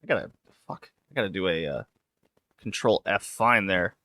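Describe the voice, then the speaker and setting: A man's voice: low voice, animated, moderate pace, pushed and bright, no room sound, studio quality. A man hosting a casual podcast chat, laid-back, laughing often and swearing now and then. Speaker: podcast host.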